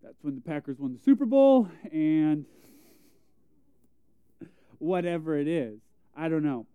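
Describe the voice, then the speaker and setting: A man's voice: on the high side, very animated, measured pace, clear, resonant tone, no echo. A young man preaching a conversational sermon, telling self-deprecating stories and acting out quotes. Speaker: pastor. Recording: tinny phone-like sound.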